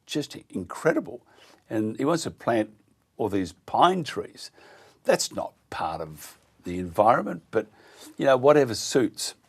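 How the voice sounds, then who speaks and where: An Australian man hosting talk radio, indignant and halting, with many fillers. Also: mid-range voice, sing-song, slightly rough. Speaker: radio host.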